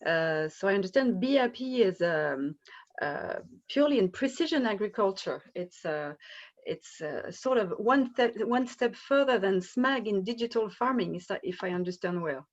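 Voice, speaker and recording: A woman leads an online panel as its moderator. She pauses often and restarts her sentences, filling the gaps with ums and uhs. Her voice comes through muffled, lo-fi call audio. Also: medium pitch, expressive. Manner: hesitant, many fillers and restarts. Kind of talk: hesitant webinar moderating.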